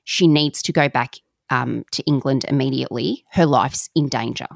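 Woman, low voice with a gravelly fry, dry close sound, lively casual storyteller, slangy, swears now and then. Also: moderate pace, no room sound. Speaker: podcast co-host.

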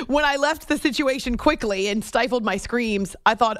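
A middle-aged woman hosting a late-night sports radio show, chatty and animated, in a studio. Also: sits high, moderate pace, few pauses, no echo. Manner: chatty, animated storytelling with laughs and restarts. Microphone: studio microphone.

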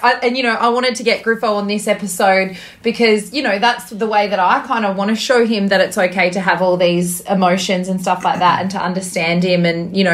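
A woman's voice: mid-range voice, a bit bright. A woman, hosting a casual podcast chat in a chatty, gushing way. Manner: chatty and gushing, laughs easily. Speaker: podcast host.

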